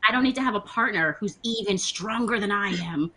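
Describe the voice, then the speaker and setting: A woman on a discussion panel, telling a personal story in a lively, laughing way and acting out quotes. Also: medium pitch, a little fast, rough recording. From Latina.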